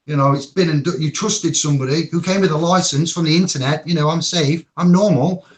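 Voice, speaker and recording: A panel guest speaks in an emotional, rambling way, swearing now and then during an impassioned discussion. His voice is on the high side and brisk.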